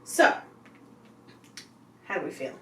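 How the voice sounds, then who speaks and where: A woman's voice: slow pace, fairly bright tone, recorded from a distance, a little hiss or hum. A woman in her thirties co-hosting a casual podcast, chatting, teasing and reading posts aloud with a giggly manner. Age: 30s. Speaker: podcast co-host. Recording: echoey room, away from the mic.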